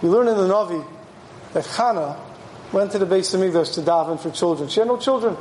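A man's voice: high-pitched, brisk, a little mellow, a little hiss or hum, natural voice. A man voicing a stern, commanding old Hasidic rebbe who scolds and explains, in an echoey room. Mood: explaining.

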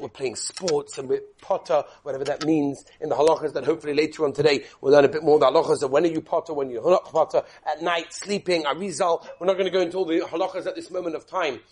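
High-voiced husky rabbi preaching animatedly. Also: male voice. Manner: animated, peppers English with Yiddish and Hebrew terms, quizzes listeners. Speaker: rabbi teaching a Torah class. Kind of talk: animated Torah sermon with storytelling.

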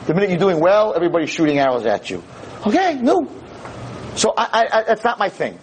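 A man's voice: high-pitched, wildly swooping pitch, fast, a little hiss or hum, low-quality recording. A man, a rabbi and teacher, giving an impassioned lecture, emphatic and sprinkled with Hebrew and Yiddish terms. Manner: emphatic, impassioned, rising to near-shouts. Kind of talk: animated Torah lecture.

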